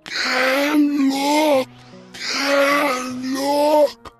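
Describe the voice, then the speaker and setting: A weeping, tormented monster with freakishly long limbs, pleading in broken scraps of words. The voice sits far above his own, strained and crying, and drags each phrase out slowly. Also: very high-pitched, little pitch movement, over loud music, pitched above the performer's own voice, exaggerated voice. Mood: sobbing, pleading. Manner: sobbing, halting broken phrases. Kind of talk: animated story narration.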